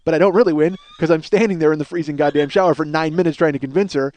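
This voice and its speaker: A man's voice: a little high, fairly even intonation, rapid-fire, a little mellow, dry recording. A middle-aged man from the Chicago area telling rambling, profane, self-mocking comic stories as a podcast host, acting out bits of dialogue. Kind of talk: comic storytelling monologue.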